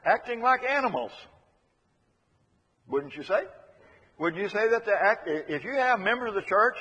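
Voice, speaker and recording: A man's voice: high-pitched, lively intonation, moderate pace, pushed and bright, slightly rough. A man preaching a sermon in an earnest, emphatic way, repeating his key phrases to drive them home. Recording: echoey hall, dull lo-fi sound.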